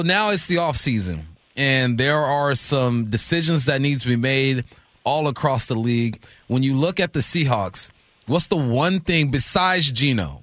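A man hosting a sports radio show, asking a guest questions in a relaxed, conversational way. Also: medium pitch, dry recording. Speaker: radio host.

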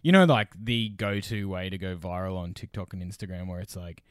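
A man's voice: sits low, fairly quick, smooth, no room sound, clean studio sound. A man hosting a casual podcast, a laid-back storyteller who swears freely and laughs often. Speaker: podcast host.

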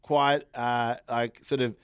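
A man's voice: medium pitch, slow pace, clean tone, no echo. Upbeat thirties man, podcast chat, dry close mic, chuckling storyteller. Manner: animated, laughs often, acts out his kids' voices. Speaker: podcast guest, father. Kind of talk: casual chat.

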